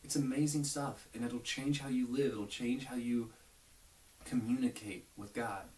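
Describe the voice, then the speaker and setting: A man's voice: medium pitch, steady tone, a little slow, a little mellow. A young man giving an informal, earnest video sermon as a youth pastor, often dropping to near whispers. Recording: echoey room, mic at a distance, faint hiss.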